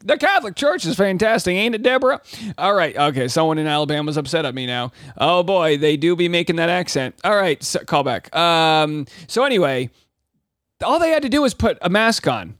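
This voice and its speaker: A man's voice: a little high, expressive, normal speed, a bit bright, no room sound, clean studio sound. A man hosting a comedy reaction podcast, cracking jokes and riffing sarcastically between clips with a grating voice. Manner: wisecracking, riffs and asides. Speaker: comedian commentary host.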